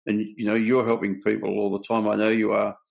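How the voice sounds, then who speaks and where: Give me an older Australian man with a gravelly voice, speaking earnestly and bluntly. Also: lowish voice, completely flat delivery, a little fast. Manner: earnest, blunt, tells stories with quoted dialogue. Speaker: host sharing his own recovery story. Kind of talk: candid conversation.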